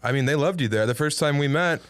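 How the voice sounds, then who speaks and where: A man guesting on a comedy podcast, dropping quick deadpan quips. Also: fairly high pitch, slight background noise. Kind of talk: casual comedy podcast chat.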